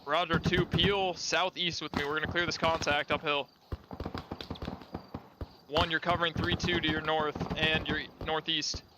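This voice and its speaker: A man leading a squad in live gameplay, giving calm, directive radio callouts. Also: on the high side, moderate pace, very noisy. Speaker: squad leader. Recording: loud game sounds and gunfire behind.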